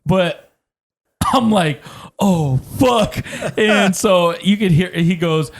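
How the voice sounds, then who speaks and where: A man's voice: sits high, takes it slowly. A man co-hosting a podcast, telling funny stories in casual chat, laughing often and swearing freely. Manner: animated storytelling, swears often, laughs a lot. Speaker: podcast co-host.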